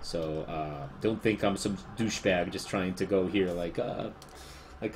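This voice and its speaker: A man with a Spanish accent livestreams his art and chats casually, rambling and poking fun at himself as he answers chat. His voice is deep and a little slow, with a little hiss or hum in the audio.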